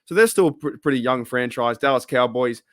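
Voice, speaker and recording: A man's voice: mid-range voice, fairly quick, a bit bright, no room sound, clean studio sound. An Australian man hosting his fan channel, chatting casually in a rambling, jokey way. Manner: rambling, jokey, many fillers and restarts. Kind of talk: casual vlog commentary.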